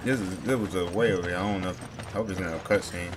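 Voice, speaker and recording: A man hosting a gaming channel, chatting casually through co-op gameplay, loud and excitable, swearing and laughing often. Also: deep voice, quick pace, background noise.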